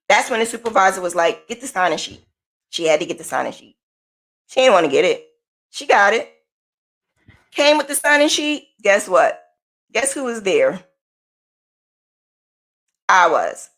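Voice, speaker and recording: A woman's voice: medium pitch, sing-song, normal speed, long pauses, fairly bright tone. A woman podcast host from the United States, telling a personal story in a casual, emphatic way and repeating her points.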